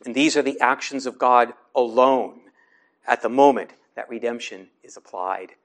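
A man preaching a sermon in a measured, explanatory way, slowing down to stress scripture. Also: medium pitch. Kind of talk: sermon teaching.

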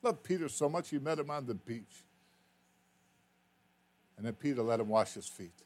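Man, guest preacher, animated swooping delivery, folksy, earnest pleading sermon. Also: mid-range voice, normal speed. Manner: folksy, calls himself a redneck, earnest and pleading; stumbles and repeats words. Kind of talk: sermon with altar call.

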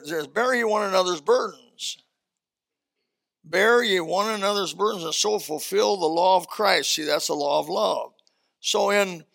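Male pastor, sermon, gravelly, raised pitch, folksy and animated delivery. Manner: animated preaching, folksy asides, swings from shouting to quiet.

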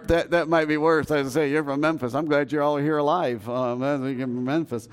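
A man's voice: on the high side, steady tone, a little fast, clear, resonant tone. A man in his fifties preaching a sermon as pastor in a church, telling stories in a folksy, joking way with many restarts. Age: 50s. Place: church sanctuary.

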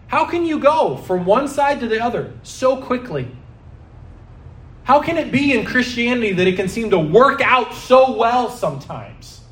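This preacher has a high-pitched, expressive voice and speaks at a normal speed in a room with a spacious sound. He drives his sermon home emphatically, repeatedly questioning the congregation rhetorically.

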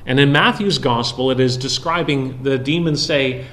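A man preaching an expository sermon, explaining a Bible passage verse by verse with frequent pauses. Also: mid-range voice, a bit bright, a little hiss or hum.

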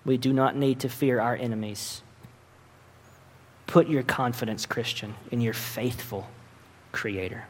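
A man's voice: medium pitch, steady tone, measured pace, long pauses. A man preaching a sermon earnestly, with emphatic rises in his voice. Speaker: pastor. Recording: long reverb of a large hall.

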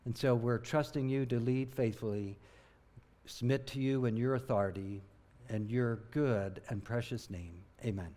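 A middle-aged man from southern New Jersey, a missionary preaching a sermon in an earnest, emphatic way that builds to excited peaks. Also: mid-range voice, moderate pace.

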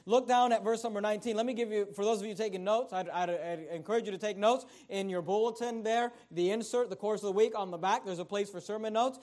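High-voiced emphatic male preacher. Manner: emphatic, swells loud at key points; repeats words when stressing. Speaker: pastor. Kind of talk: sermon.

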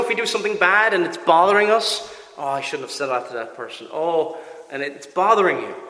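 A man's voice: fairly high pitch, bright, forceful tone. A man preaching a sermon, emphatic and asking the congregation rhetorical questions. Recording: echoey church hall with long reverb.

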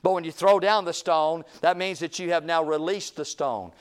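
A man preaching a revival sermon, repeating phrases and swinging from booming calls to hushed, low lines. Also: moderate pace, smooth.

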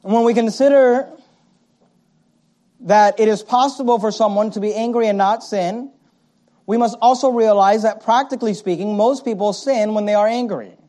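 A male pastor preaching a sermon, swinging from loud, punchy lines to quiet asides and mimicking his listeners' excuses. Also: high-pitched, moderate pace.

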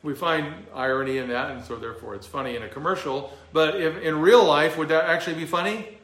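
A man's voice: a little high, fairly quick, a bit bright. A pastor preaching an expository sermon in a conversational way, asking rhetorical questions of his congregation. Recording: echoey room.

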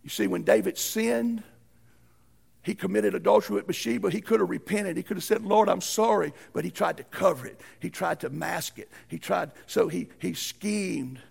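A man preaching a sermon in a folksy way, swinging from shouted peaks to hushed lows. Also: normal speed, creaky, slightly rough. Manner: folksy, uses ain't and y'all. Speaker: pastor.

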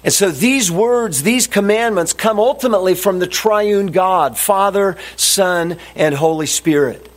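A man preaching a sermon as a pastor, deliberate and emphatic, repeating his key phrases. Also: sits high.

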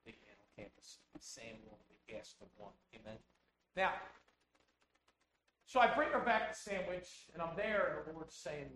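A man preaching a sermon, telling rambling personal stories full of quoted dialogue in an animated way. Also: high-pitched, moderate pace, slight background noise, low-quality recording. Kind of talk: sermon storytelling.

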